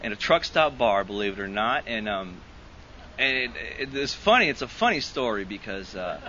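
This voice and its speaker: A man's voice: on the low side, big pitch swings, moderate pace, bright, forceful tone, highs cut off, slight background noise. A man speaking to a recovery group, telling a rambling personal story with lots of restarts and laughs. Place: meeting hall.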